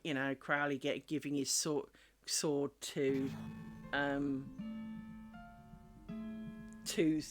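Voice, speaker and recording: A woman chatting casually on a live craft stream, rambling through stories and muttering at herself as she works. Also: low voice. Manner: mutters and scolds herself while working. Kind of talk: casual live-stream chat while working. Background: music playing.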